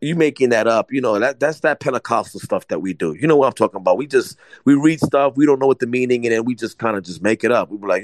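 A man's voice: medium pitch, lively intonation, fast talker, hardly any pauses, no echo, low-quality recording. A man delivering an informal, conversational sermon with a mid-range voice. He presses his points hard, repeats them, and keeps asking whether listeners follow him. The recording is close and dry. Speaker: preacher.

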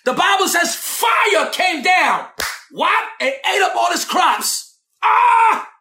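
A man preaching a sermon, shouting and dramatic, with asides to the congregation. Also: very high-pitched, very animated, takes it slowly, roomy sound, a little hiss or hum.

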